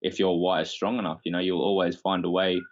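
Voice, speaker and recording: A man's voice: deep voice, little pitch movement, fast talker, highs cut off. A man hosting a podcast, talking in a reflective, rambling way with filler words. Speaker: podcast host. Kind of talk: casual conversation.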